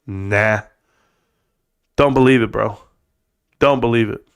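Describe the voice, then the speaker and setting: A man's voice: fairly low pitch, slow, creaky, clean tone. A man from California hosting a casual live stream, joking and blunt, calling everyone "bro" as he reads chat. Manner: joking, blunt, says "bro" a lot, swears.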